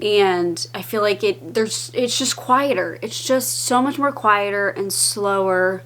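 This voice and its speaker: A woman talking casually to the camera in a home vlog, chatty and rambling, with lots of fillers and easy laughs. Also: medium pitch. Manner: laughs easily. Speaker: vlogger. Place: indoors at home.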